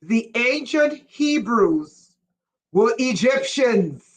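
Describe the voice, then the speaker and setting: A woman giving a live-streamed spiritual lecture, speaking emphatically, repeating key lines slowly for effect, and asking her viewers questions as she goes. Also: on the high side, sing-song, rough recording. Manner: asks listeners questions. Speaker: spiritual teacher.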